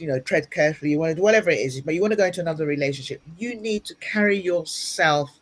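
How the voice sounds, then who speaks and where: A woman speaks as an interview guest and gives earnest, motivational advice. She repeats her key points for emphasis. The sound comes through a video-call microphone. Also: low voice. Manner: earnest, advising, repetitive for emphasis. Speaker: guest speaker and ministry leader.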